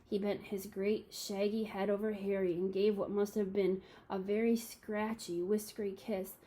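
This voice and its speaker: A woman reading a children's novel aloud to a class, calm and steady with small slips. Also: mid-range voice, moderate pace, rough recording.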